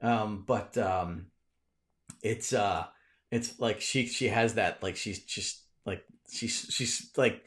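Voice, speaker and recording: A man's voice: fairly low pitch, slow, fairly bright tone. A man, hosting a casual live stream from a cluttered home room, rambling with many restarts while he answers viewer comments.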